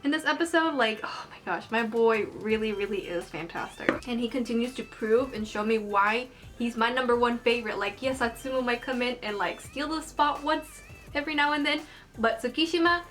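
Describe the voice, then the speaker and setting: A young woman in a casual vlog, rambling excitedly about an anime episode while she does her makeup, gushing like a fan. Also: fairly high pitch, a little fast, soft background music. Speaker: anime review vlogger.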